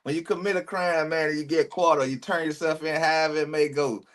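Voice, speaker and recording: Streamer, male, raised pitch, talks back at the video, loose street slang. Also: fairly even intonation, brisk. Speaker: streamer reacting to footage. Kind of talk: live reaction commentary.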